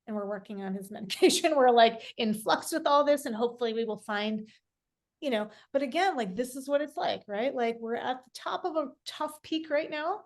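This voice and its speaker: A woman's voice: a little high, a little fast. A middle-aged woman speaking candidly as a podcast guest, reflective and often restarting her sentences. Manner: reflective, talks in restarts and fillers. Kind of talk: candid conversational interview.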